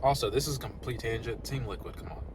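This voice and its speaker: A young man vlogging casually about new laptops, swinging between loud excitement and mumbled asides. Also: on the low side, fast talker, background noise. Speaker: tech YouTuber.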